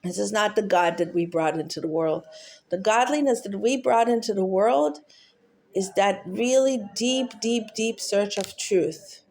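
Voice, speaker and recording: A woman telling a heartfelt teaching story, halting often with fillers and restarts. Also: mid-range voice, darkish tone. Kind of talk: storytelling talk.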